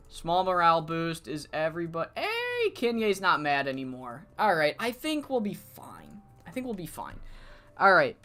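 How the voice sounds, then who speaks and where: A game streamer thinks aloud at an unhurried pace, voice bright and cleanly resonant. The talk rambles and swears casually while faint music plays behind. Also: mid-range voice. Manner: rambling, self-talking, swears freely. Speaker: streamer playing a wrestling booking game. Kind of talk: casual live-stream commentary.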